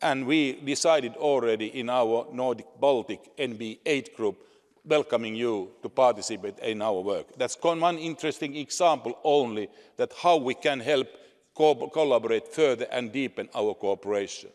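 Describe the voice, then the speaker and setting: A man delivers a parliamentary speech to an assembly, halting now and then and restarting his words. The long reverb of a large chamber trails after his voice. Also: medium pitch, darkish tone.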